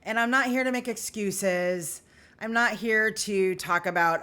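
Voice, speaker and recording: A woman's voice: mid-range voice, unhurried, bright, forceful tone, smooth. Woman, personal vlog, candid, earnest, confessional, emotional. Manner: earnest and confessional, talks straight to viewers. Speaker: vlogger.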